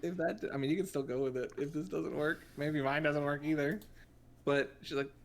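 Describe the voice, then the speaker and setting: A player at a tabletop game, chiming in with playful, quick interjections. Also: mid-range voice, steady tone. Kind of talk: tabletop game play, casual chat.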